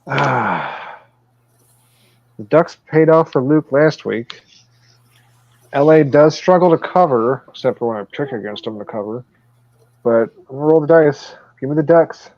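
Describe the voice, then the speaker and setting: A man's voice: mid-range voice, a little slow, long pauses, dry recording, dull audio. A man hosting a casual sports betting podcast, swearing and laughing as he runs through picks. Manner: profane, laughing, loose. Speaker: podcast host.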